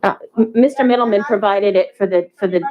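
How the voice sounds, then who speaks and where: Measured, hesitant woman administrator. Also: medium pitch, dull audio. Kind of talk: meeting discussion.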